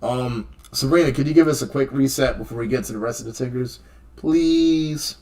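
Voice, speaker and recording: A man hosting a live trading stream, talking through stock charts in a casual, animated way and often checking in with "okay?" and "right?". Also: mid-range voice, moderate pace. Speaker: stock chart analyst host.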